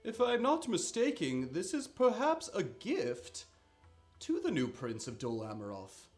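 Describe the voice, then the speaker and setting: A man voicing a learned, thoughtful man who muses over old lore with measured courtesy, in a raised voice. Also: high-pitched, wildly swooping pitch, a little mellow, faint music behind, voice pushed up, heavily acted. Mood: musing.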